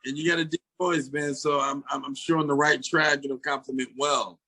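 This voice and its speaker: A man's voice: fairly high pitch, little pitch movement, moderate pace, bright, forceful tone, slightly rough, dry recording, low-quality recording. A man hosting a show, interviewing a guest in an upbeat, friendly way. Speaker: show host. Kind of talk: casual interview.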